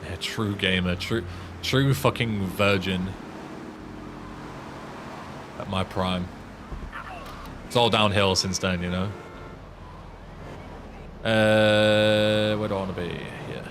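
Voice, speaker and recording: A man's voice: lowish voice, fairly even intonation, takes it slowly, pauses often, noisy background. A man with an English accent, a game streamer chatting casually and swearing while he plays. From England. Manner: laid-back, sweary, self-mocking. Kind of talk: casual gaming commentary.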